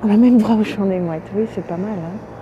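A woman's voice: medium pitch, fast, dull audio, a little hiss or hum. A French-accented woman hosting an early-morning phone livestream outdoors, greeting viewers in French and English with a voice that is still sleepy. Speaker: livestream host. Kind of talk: casual live-stream chat. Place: outdoors on a windy seaside morning.

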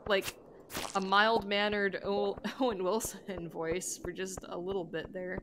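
This woman's mid-range voice barely rises or falls, and she takes her time over a noisy background. Streaming a video game with its music playing, she chats playfully, rambles, and giggles a lot.

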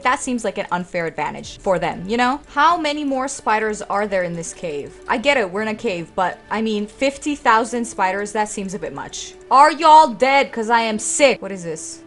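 A woman's voice: medium pitch, fairly bright tone. A woman in her twenties giving sassy, dramatic, exasperated commentary while playing through a game. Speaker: let's play streamer. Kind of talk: gameplay commentary.

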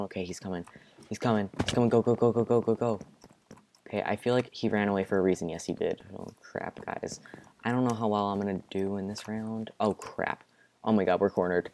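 A gaming commentator talks over live play, shifting between mumbles, near-whispers and sudden bursts of panic, sometimes sinking nearly to a whisper. He speaks briskly in a steady, lowish, darkish voice, with slight background noise.

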